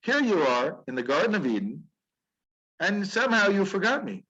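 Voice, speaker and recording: A stern, emphatic God, played by a man telling a story, speaks in a raised, swooping voice that scolds and insists over and over. The tone is husky, and the sound comes through dull and lo-fi. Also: sits high, very animated, normal speed, pushed and bright, pitched above the performer's own voice, heavily acted. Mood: earnest, admonishing. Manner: emphatic, scolding, pleading repetition. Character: God, stern yet caring, speaking to humans.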